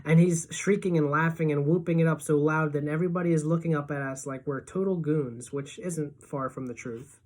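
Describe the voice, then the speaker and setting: A woman teacher reading a novel aloud to her class in a lively storytelling manner. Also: sits low, brisk, few pauses.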